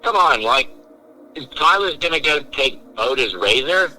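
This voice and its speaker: A man's voice: a little high, lively intonation, a little slow, bright, forceful tone, low-quality recording. A man hosting a podcast, telling a long story with lots of animation and quoting his friends in different voices. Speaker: podcast host. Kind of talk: casual storytelling chat.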